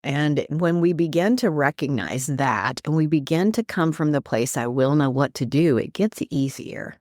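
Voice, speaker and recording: Low-voiced woman teaching faith, preacherly. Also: moderate pace, dry recording, clean studio sound. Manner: animated, preacherly, quotes scripture. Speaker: guest, life coach and minister. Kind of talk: earnest faith-based teaching in conversation.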